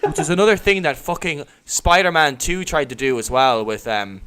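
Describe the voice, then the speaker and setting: A man's voice: fairly high pitch, moderate pace, a bit bright, clean tone. Sweary, sarcastic man on a podcast. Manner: sweary, sarcastic, mocks characters in put-on voices. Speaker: podcast host. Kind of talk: casual podcast chat.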